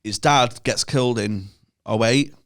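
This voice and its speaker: This Mancunian man in his thirties has a medium-pitched, slightly bright voice and takes his time. Chatting casually as a podcast guest, he tells bawdy tales and breaks into laughter partway through sentences.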